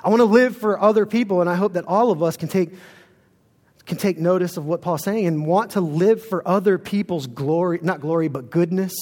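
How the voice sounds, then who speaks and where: A man's voice: sits high, fairly quick, darkish tone, in a large hall. A man preaching a sermon as pastor in a church, earnest and storytelling.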